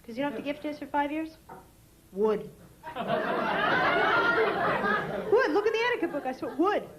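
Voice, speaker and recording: A woman's voice: sits high, very animated, normal speed, a loud crowd. A female stand-up comedian with a bubbly manner who laughs through her own jokes on stage. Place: comedy club stage before a live audience. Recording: hissy VHS tape with a loud audience.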